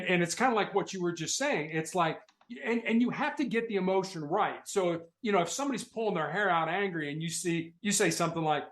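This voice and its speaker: A man's voice: fairly high pitch, roomy sound. A man who was a hostage negotiator, speaking earnestly as an interview guest, often restarting his words. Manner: earnest, repeats words as he thinks. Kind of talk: conversational interview.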